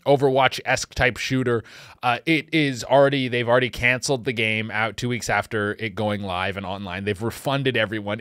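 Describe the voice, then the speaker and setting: A man hosting a comedy podcast, rambling casually and swinging between loud outbursts and quiet mutters. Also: mid-range voice, no echo, studio quality. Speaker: podcast host.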